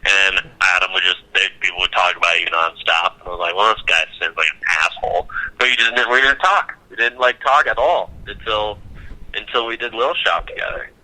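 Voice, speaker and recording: Young man, from Nebraska, animated storyteller, low bright voice, lo-fi phone-like sound. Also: fairly quick. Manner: animated storytelling, acts out quotes, swears freely. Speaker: podcast co-host. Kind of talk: casual chat.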